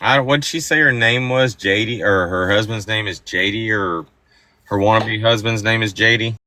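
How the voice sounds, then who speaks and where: A man's voice: on the low side, normal speed, pushed and bright. A man hosting a livestream, chatting casually and bluntly with heavy swearing as he gossips about other streamers. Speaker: livestream host.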